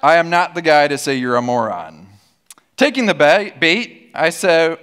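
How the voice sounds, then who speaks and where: A man's voice: on the high side, big pitch swings, normal speed, a bit bright. A man preaching a sermon as pastor, with a sarcastic, humorous storytelling manner and call-and-response with the congregation. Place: church auditorium.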